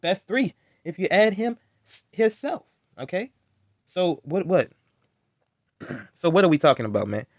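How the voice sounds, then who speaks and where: A man's voice: sits high, sing-song, measured pace, pauses often, no echo, studio quality. A man hosting a reaction video, heckling and ranting in a casual, exasperated way.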